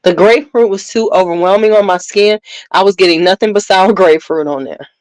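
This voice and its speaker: A woman casually chatting to viewers while she reviews a fragrance on a livestream, in an unhurried, talkative way. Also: medium pitch, darkish tone, no echo, poor audio. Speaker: beauty content creator.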